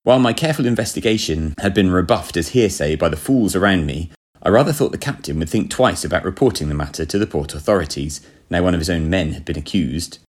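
A man's voice: deep voice, lively intonation, fast, slightly rough. A man reading a story as a first-person diary, with a pompous, self-satisfied manner. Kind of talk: scripted first-person narration.

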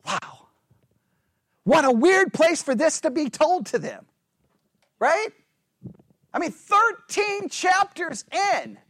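A man preaching an animated sermon, full of rhetorical questions and acted-out voices of churchgoers. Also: very high-pitched, takes it slowly, pauses often, no room sound.

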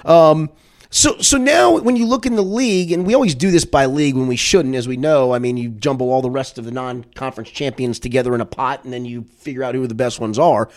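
A man talking college basketball on a podcast, animated and thinking aloud. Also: mid-range voice, fairly quick. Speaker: basketball analyst guest. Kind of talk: casual sports chat.

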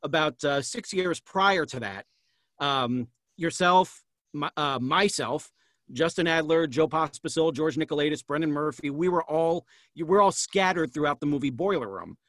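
A man's voice: on the high side, moderate pace, a bit bright, no room sound. A middle-aged man hosting an interview, asking long, meandering questions. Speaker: host. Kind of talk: casual interview chat.

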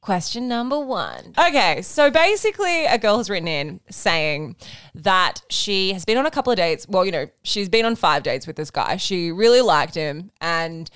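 Teasing sarcastic woman in her 30s, from australia, smooth voice, goes up and down a lot. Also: on the low side, very animated, normal speed, fairly bright tone, no room sound, studio quality. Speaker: podcast co-host. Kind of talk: casual chat.

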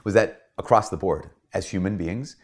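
Deep-voiced priest giving a casual talk. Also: male voice, moderate pace. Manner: conversational, animated, acts out quoted voices. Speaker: Catholic priest.

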